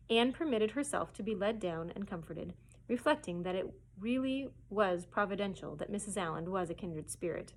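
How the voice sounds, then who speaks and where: A woman librarian reading a children's chapter book aloud in a gentle storytelling manner. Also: mid-range voice, expressive, normal speed, a little hiss or hum, poor audio. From United States.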